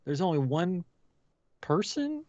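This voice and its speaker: A man's voice: high-pitched, takes it slowly, dry recording, lo-fi sound. A man hosting a casual live podcast, laughing often and restarting his intro. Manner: giggly, animated, keeps restarting. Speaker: podcast host.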